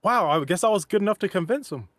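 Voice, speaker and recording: High-pitched and animated, a man chats quickly on a livestream as a voice actor and co-host. His casual talk rambles with many restarted sentences, recorded at studio quality without echo.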